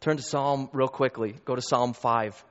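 A man's voice: medium pitch, fairly even intonation. Emphatic male preacher in echoey hall. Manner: emphatic, rising to loud peaks, quick asides. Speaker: pastor. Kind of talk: sermon. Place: church hall. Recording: long reverb, dull lo-fi.

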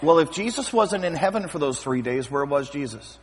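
A man preaching a sermon as pastor, lively and acting out scripture scenes with voices. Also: fairly high pitch, moderate pace, breathy edge. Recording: long hall reverb.

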